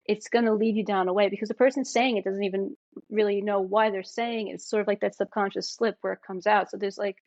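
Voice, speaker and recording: A woman with a New York accent, a filmmaker talking as a podcast guest, emphatic and animated, often checking in with "right?". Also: medium pitch, fast, no room sound, lo-fi sound. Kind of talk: casual podcast conversation.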